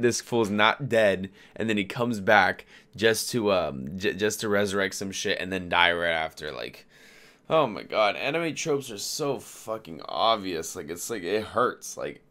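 A man's voice: on the low side, very animated, normal speed, a bit bright. A young man hosting an anime reaction, talking in slang, swearing and laughing at what he watches. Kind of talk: live reaction commentary.

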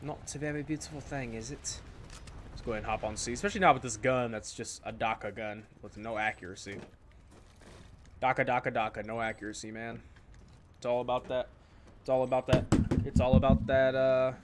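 A man's voice: mid-range voice, a little fast, pauses often, a little hiss or hum. Rambling man commenting on his gameplay. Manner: rambling, self-mocking, repeats himself. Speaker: gaming channel host. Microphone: desk microphone in a squeaky chair. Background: faint game gunfire.

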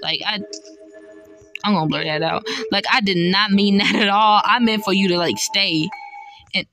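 A woman commentating her own gameplay, excitable, often yelling and laughing at the game. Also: medium pitch, moderate pace, soft background music. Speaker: gamer. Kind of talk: let's-play gameplay commentary.

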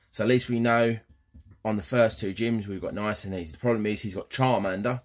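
A man giving cheeky, chatty commentary over a video game playthrough, often addressing viewers. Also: sits low. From England. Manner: cheeky, banter-heavy, keeps addressing viewers. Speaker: gaming channel host. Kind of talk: casual let's-play commentary.

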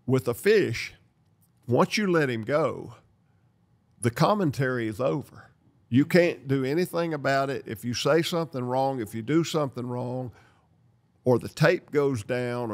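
An older man from North Carolina, hosting a podcast and telling lively stories, acting out the dialogue as he goes. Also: mid-range voice. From North Carolina, USA. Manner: lively storyteller who acts out dialogue and laughs. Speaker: podcast host. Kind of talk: storytelling podcast chat.

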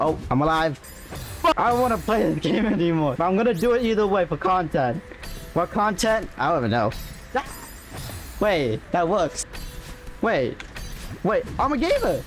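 A streamer giving excitable gaming commentary, yelping, shouting and hyping themselves up. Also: mid-range voice, normal speed, long pauses, over music. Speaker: streamer playing a platform game.

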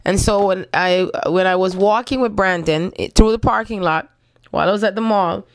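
A woman's voice: medium pitch, moderate pace. A woman hosting a casual spiritual talk, speaking frankly and rambling, often repeating herself.

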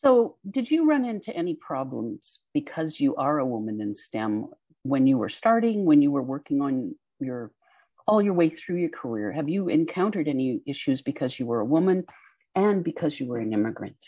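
A woman hosting an interview, asking measured, reflective questions. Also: low voice, sing-song, warm tone, husky, dry recording. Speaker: interviewer host.

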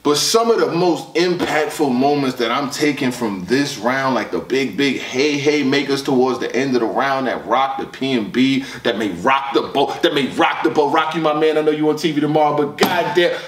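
A man recapping a battle rap in casual, animated, profane commentary, reacting loudly and repeating words as he quotes lines. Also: medium pitch, normal speed, hardly any pauses, echoey room, distant mic.

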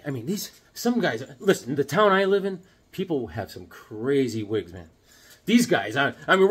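A man in his fifties chatting casually about comic books to his viewers in a jokey, rambling, excitable way. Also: a little high, breathy edge. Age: 50s. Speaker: comic book vlogger. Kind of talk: casual chat to camera.

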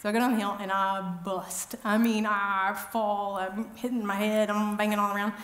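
A middle-aged woman speaking at an event, telling funny, self-deprecating stories in a chatty, animated way. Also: mid-range voice, moderate pace, reverberant, background noise. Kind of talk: humorous storytelling talk. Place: event hall.

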